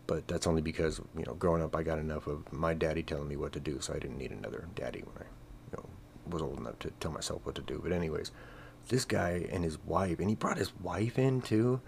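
A man's voice: rumbling low, quick pace, creaky, a little hiss or hum. A man hosting a podcast, talking in a crude, sarcastic, rambling monologue full of swearing. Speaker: podcast host. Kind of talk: casual comedic monologue.

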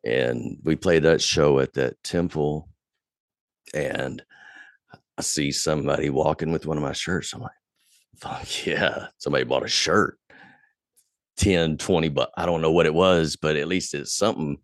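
A podcast guest with a bass voice tells a profane story in casual chat, animatedly retelling it as his voice rises in anger. He speaks a little slowly, in studio-quality audio with no echo.

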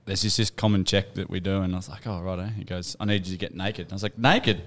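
A man's voice: sits low, fast talker. An Australian man on a podcast with his mates, telling a long joke as if it were his own story, acting out the other voices and swearing freely. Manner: animated, acts out dialogue in a funny story, swears. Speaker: podcast co-host.

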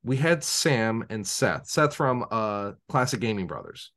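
Fairly low in pitch and a little slow, this man's voice carries casual podcast chatter. He's a game master spinning rambling stories with many restarts, animatedly performing the voices of people he quotes.

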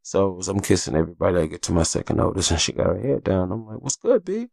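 Gravelly low-voiced man rambling candidly. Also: fast, no room sound. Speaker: podcast host. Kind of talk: casual solo podcast chat.

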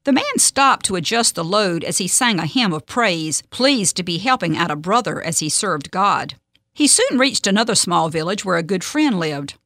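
A woman hosting a radio devotional, reading a story and scripture in a steady, measured way. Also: lowish voice, no room sound, studio quality. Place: radio studio.

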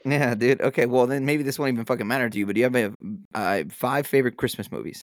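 A young man on a casual podcast, telling stories in a relaxed, laid-back way and swearing freely. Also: medium pitch, fast, no room sound. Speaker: podcast co-host. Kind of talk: casual chat.

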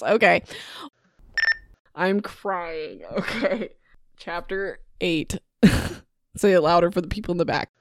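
A woman's voice: fairly low pitch, takes it slowly, pauses often, no echo. Giggly woman host, dry close mic. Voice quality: giggly, keeps breaking into laughter. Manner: scattered, self-interrupting, restarts. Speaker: podcast host. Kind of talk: casual chat, bloopers. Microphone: desk mic close by.

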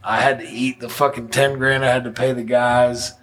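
A man's voice: medium pitch, flat delivery, moderate pace, fairly bright tone. A man telling a long story in casual podcast chat, blunt and profane, laughing at his own bad luck. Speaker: podcast guest.

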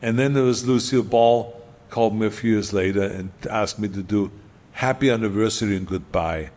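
A man's voice: lowish voice, a little fast, a little mellow. Older man with an Austrian accent. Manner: emphatic, repeats key phrases for punch. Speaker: guest. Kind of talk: casual storytelling.

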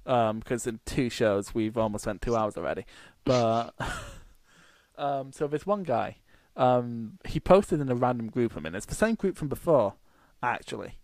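A man's voice: mid-range voice, animated, unhurried, a little mellow, no echo. A man from the UK co-hosting a podcast, telling rambling anecdotes in casual chat and swearing freely. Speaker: podcast co-host.

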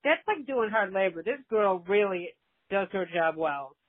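A woman's voice comes through a tinny, narrow phone line as she leaves a voicemail. She gushes and rambles warmly, like a doting mother. Her pitch sits in a middle register. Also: lively intonation, measured pace. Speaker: caller leaving a voicemail. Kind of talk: affectionate voicemail message.

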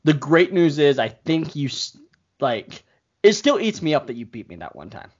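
A slightly high-voiced man chatting casually and ribbing his co-host. He tells his stories with animated energy. The audio sounds dull and lo-fi. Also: normal speed, husky. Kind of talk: casual chat.

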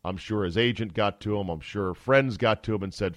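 A man hosting a sports talk podcast, giving casual, sarcastic and animated commentary. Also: fairly low pitch, brisk, dry recording. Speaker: podcast host. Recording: dry close studio sound.

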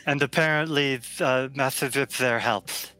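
A man's voice: medium pitch, fairly even intonation, unhurried, bright, forceful tone, dry recording, faint music behind. A man playing a tabletop game, speaking in character with formal, polite, hesitant phrasing. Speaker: player. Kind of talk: in-character tabletop role-play.

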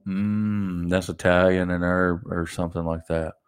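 A man's voice: sits low, steady tone, unhurried, smooth. A young adult man hosting a solo podcast, ranting animatedly and mocking people in put-on voices. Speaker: podcast host.

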